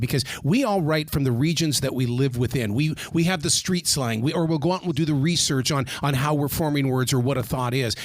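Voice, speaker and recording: A man's voice: mid-range voice, no echo, studio quality. A man hosting an interview, encouraging and upbeat toward his guest. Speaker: interview host. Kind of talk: interview conversation.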